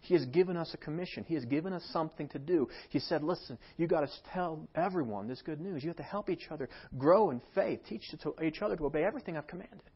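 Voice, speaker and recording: Husky-voiced pastor preaching. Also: male voice, fairly high pitch, quick pace, few pauses, muffled recording. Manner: swings from soft to emphatic preaching. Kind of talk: sermon. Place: church sanctuary.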